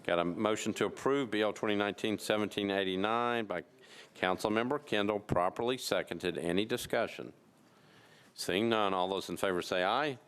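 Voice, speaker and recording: Council chair, man, lowish smooth voice, brisk procedural reading. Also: fairly bright tone. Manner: brisk, routine parliamentary cadence. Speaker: council president chairing meeting. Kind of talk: formal procedural reading of bills. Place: council chamber.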